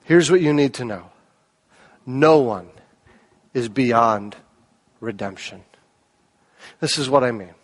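A man preaching a sermon as a pastor, animated, with hushed low moments and raised emphatic peaks. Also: slow, pauses often.

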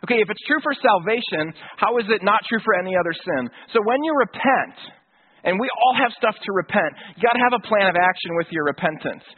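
A man's voice: high-pitched, animated, brisk, breathy edge. A man preaching a sermon in a casual, conversational way, with slang and acted-out quotes. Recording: tinny phone-like sound.

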